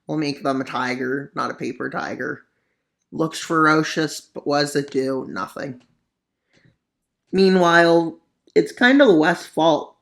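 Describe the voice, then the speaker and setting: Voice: medium pitch, a little slow, vocal fry. A mapping video narrator giving casual commentary on a war scenario, full of sarcastic, rambling asides.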